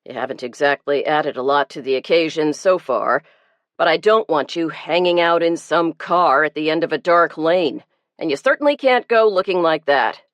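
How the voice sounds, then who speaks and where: A woman narrator lowers her voice into a firm, dry-witted father who lays down the rules plainly. Her delivery stays low and even, recorded dry and close. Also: moderate pace, no room sound, natural voice. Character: stern, dry-humored middle-aged father.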